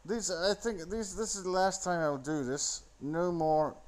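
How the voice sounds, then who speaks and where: A man's voice: high voice, fairly even intonation, measured pace. Sardonic man mocking a movie. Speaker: solo commentator. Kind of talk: rambling movie commentary. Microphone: phone.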